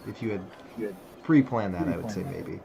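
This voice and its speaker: A low-voiced man runs a tabletop game as game master over an online call. He narrates in a relaxed way, full of ums and restarts. Crowd noise sits clearly behind him. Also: normal speed. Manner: relaxed, filler-heavy narration.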